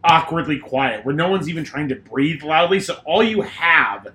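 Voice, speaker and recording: A man's voice: on the high side, animated, normal speed, pushed and bright, echoey room. A man co-hosting a podcast, telling a rambling story full of swearing and fillers. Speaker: podcast co-host. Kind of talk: casual storytelling.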